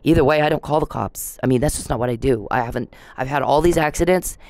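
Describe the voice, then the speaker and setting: A woman's voice: extremely low pitch, quick pace, a little mellow, no echo. Lady ranting to camera, rambling and fired up, cussing a lot, dry close sound. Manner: rambling, indignant, swears freely. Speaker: vlogger. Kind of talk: casual to-camera rant.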